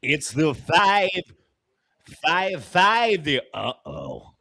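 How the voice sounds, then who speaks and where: A man hosting a live baseball fan stream, telling profane stories and breaking off to call plays excitedly. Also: medium pitch, unhurried. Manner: animated, profane storytelling with excited play calls. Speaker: host of a fan sports show.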